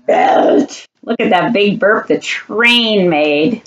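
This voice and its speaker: Slow, animated woman reading a storybook. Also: medium pitch, muffled recording. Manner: slow, animated, laughs often. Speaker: storytime reader. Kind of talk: reading a picture book aloud to children.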